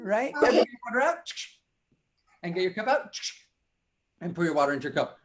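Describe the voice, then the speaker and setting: A man's voice: high-pitched, sing-song, brisk, long pauses. A man leading an interactive music lesson for children, playfully coaxing them to repeat after him. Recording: children chattering in the background. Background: children's voices.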